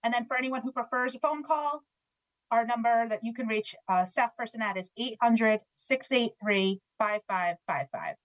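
A woman's voice: on the high side, normal speed, dry recording, muffled recording. A woman guest on a radio show, speaking for a foundation in a friendly way with many fillers. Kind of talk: casual radio interview.

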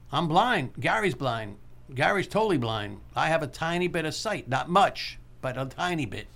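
This call-in radio host has a slightly high, bright voice and a forceful tone. Earnest and motivational, he goes over key points slowly and more than once.

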